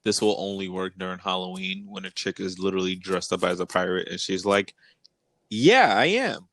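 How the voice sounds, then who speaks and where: Low-voiced laid-back man. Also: completely flat delivery, fairly quick, fairly bright tone. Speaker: podcast co-host. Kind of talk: casual chat.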